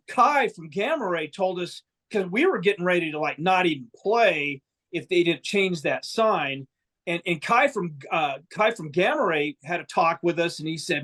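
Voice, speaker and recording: Man, high voice, guest musician, casual profane storytelling, rambling restarts. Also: expressive, normal speed, a bit bright. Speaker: band member guest.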